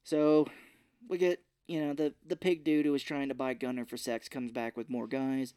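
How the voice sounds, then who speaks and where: A man's voice: medium pitch, moderate pace, clear, resonant tone, no room sound, studio quality. A man co-hosting a podcast, casually recapping a movie scene by scene and quoting the characters in put-on voices. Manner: animated retelling with quoted voices and laughs. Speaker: podcast co-host.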